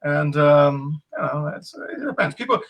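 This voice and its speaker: A man's voice: on the high side, expressive, a little slow, rough recording. A middle-aged man from Essex with an Essex accent, chatting as a guest instructor over a video call, telling stories with lots of restarts. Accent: Essex English. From England. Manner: chatty, storytelling with acted quotes, frequent restarts. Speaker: Krav Maga instructor, guest.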